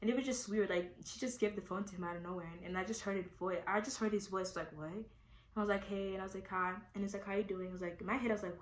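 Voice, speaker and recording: A woman's voice: medium pitch, steady tone, rapid-fire. A young woman telling a personal story to her viewers in a loose, rambling, candid way, full of fillers. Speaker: vlogger. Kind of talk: casual storytime. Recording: echoey room.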